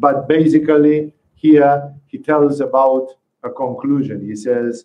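A man giving a satsang teaching on scripture, reflective and unhurried, pausing often with fillers. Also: medium pitch, fairly even intonation, phone-quality sound. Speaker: spiritual teacher.

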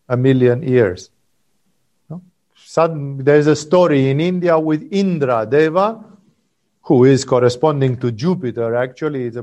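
A spiritual teacher gives a satsang talk, wandering through a story with plenty of digressions. His mid-range voice is a little mellow, and he keeps checking in with "no?" and "you know."

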